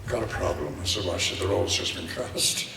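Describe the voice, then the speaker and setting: A man's voice: low-pitched, quick pace, gravelly, recorded from a distance, over music. Older Irish man telling stories in an echoey hall. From Ireland. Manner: rambling anecdotes, lively and theatrical. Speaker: panel guest actor. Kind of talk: convention panel storytelling. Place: large convention hall.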